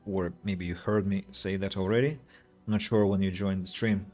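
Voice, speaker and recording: A man's voice: low-pitched, little pitch movement, moderate pace, darkish tone, soft background music. A man streaming a game, chatting casually and greeting viewers. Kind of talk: casual live-stream commentary.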